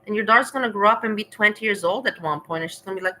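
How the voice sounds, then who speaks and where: Bright-voiced woman ranting bluntly. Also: medium pitch, very fast, a little hiss or hum, poor audio. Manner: blunt, scathing, profane. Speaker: reaction vlogger. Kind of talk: reaction commentary.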